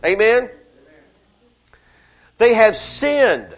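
A man preaching a sermon to a church service, fervent and conversational, dropping to hushed asides and rising to shouted questions with call-and-response. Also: high-pitched, expressive, normal speed, lo-fi sound. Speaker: pastor.

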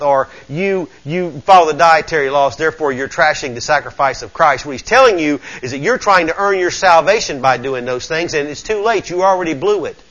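Fervent preacher, bright voice. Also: male voice, dull audio. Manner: fervent, folksy, swings from low murmurs to shouting. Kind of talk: sermon.

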